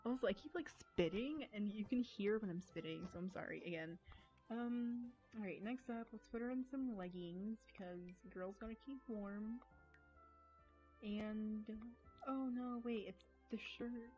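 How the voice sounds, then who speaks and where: An American woman chats through a live game stream, giggling and teasing herself as she rambles. Her voice sits at a middling pitch. The sound is a bit muffled, with soft music underneath. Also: a little slow. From United States. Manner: giggly, rambling, self-mocking. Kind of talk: casual live-stream chatter. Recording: dull lo-fi stream audio with faint music.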